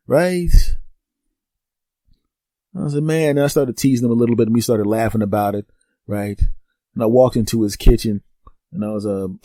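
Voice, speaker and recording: A man riffs through a solo podcast monologue, his voice leaping high and dropping low as he plays himself and his friend. The tone is mellow and dark, recorded dry and close with no room sound. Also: dry recording. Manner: animated storytelling, acting out both sides of conversations; profane, teasing. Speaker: podcast host.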